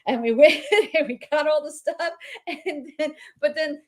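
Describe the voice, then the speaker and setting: A woman chatting casually as a podcast guest, animated, laughing often and swearing freely. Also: sits high, unhurried. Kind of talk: casual chat.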